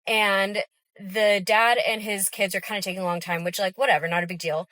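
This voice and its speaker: Chatty young woman, bright dry voice. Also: medium pitch, steady tone, brisk, dry recording. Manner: chatty, full of "like" fillers. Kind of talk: casual video rant to camera.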